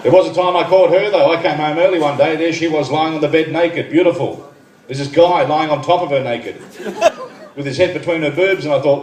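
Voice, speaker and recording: Deadpan Australian stand-up man, echoey room. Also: a little high, fairly quick. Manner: deadpan one-liners, chatty asides to the crowd. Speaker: stand-up comedian. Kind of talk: stand-up routine. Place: benefit night venue, live room. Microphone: far phone recording. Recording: echoey far phone recording, noisy room. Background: crowd laughter and room noise.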